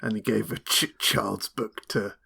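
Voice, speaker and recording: Slow gravelly man playing a tabletop game. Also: fairly low pitch, steady tone, bright, forceful tone. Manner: rambling, jokey, stumbles into laughter. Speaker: player. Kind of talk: tabletop role-play, in character.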